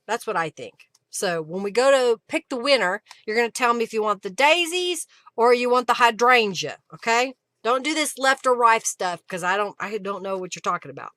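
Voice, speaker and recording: Oklahoma lady hosting a craft livestream, kinda high bright voice, dry close sound, chatty and thanks everyone. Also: no echo. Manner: chatty, greets and thanks viewers by name, laughs often. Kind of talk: casual live-stream chat.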